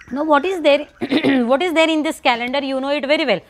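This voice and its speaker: A woman teaching a children's lesson, repeating words slowly and asking and answering her own questions. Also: high voice. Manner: repetitive, asks and answers her own questions, stresses pronunciation. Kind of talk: online English lesson for young children.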